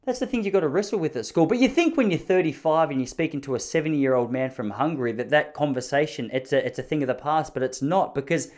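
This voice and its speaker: A man's voice: on the high side, fast, few pauses, a little mellow. An Australian man in his thirties hosting a podcast, telling rambling, jokey stories and acting out the people in them. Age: 30s. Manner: rambling, jokey, acts out quoted voices. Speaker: podcast host. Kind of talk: solo storytelling podcast.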